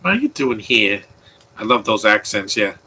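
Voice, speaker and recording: A man's voice: fairly low pitch, sing-song, moderate pace, bright, forceful tone, slightly rough, rough recording. A man giving casual, opinionated live commentary on a movie, rambling with frequent restarts. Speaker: film commentator.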